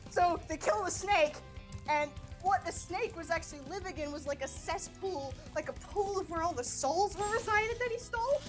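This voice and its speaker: A woman streamer chatting casually and swearing a lot as she excitedly recaps a story. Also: very high voice, normal speed. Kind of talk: casual livestream chat. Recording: game music behind voice.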